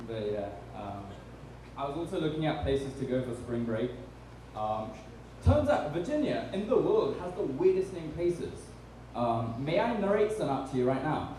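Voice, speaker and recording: A young man with a British accent delivers stand-up in a mellow, darker tone, dry and self-deprecating with many ums. He sounds distant from the mic in a very echoey room, with faint background noise. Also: medium pitch, big pitch swings, moderate pace. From Britain. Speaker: stand-up comedian. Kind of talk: stand-up comedy set. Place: comedy bar stage.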